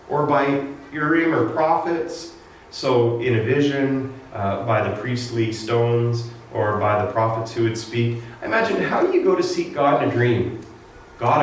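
A man's voice: medium pitch, slight background noise. A man preaching a casual sermon, retelling scripture with humorous asides. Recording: echoey room, distant mic.

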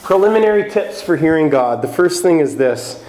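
A man's voice: fairly high pitch, animated, normal speed, darkish tone. A man giving a conversational sermon as pastor, now and then acting out quoted voices. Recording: echoey room with faint ambience.

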